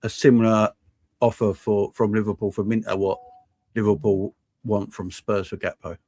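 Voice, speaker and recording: A man co-hosting a fan show talks in a measured way, often restarting his sentences. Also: lowish voice, level tone, warm tone, no room sound. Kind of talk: casual discussion.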